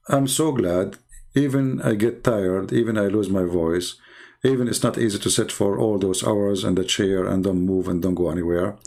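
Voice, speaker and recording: A middle-aged man whose first language is Arabic hosts an online debate show late at night. His voice is on the low side, gravelly and a little mellow, strained with tiredness. He speaks emphatically and preachily, with non-native grammar.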